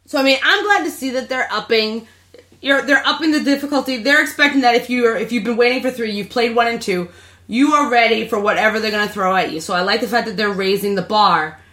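A woman co-hosting a gaming podcast, talking in an animated, enthusiastic way. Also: fairly high pitch, quick pace. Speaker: podcast co-host. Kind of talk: casual podcast chat. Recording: roomy echo.

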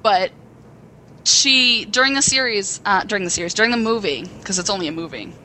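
A young woman co-hosting a podcast, excitedly rambling through a plot retelling with acted quotes. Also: medium pitch, a little fast, slight background noise, poor audio. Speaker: podcast co-host. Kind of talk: casual chat.

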